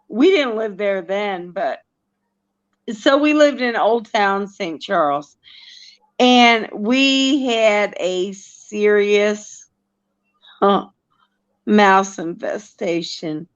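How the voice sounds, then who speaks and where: A woman from Missouri chatting casually, telling long, unhurried stories. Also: mid-range voice, fairly bright tone, muffled recording. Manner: slow, drawn-out storytelling. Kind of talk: casual live chat.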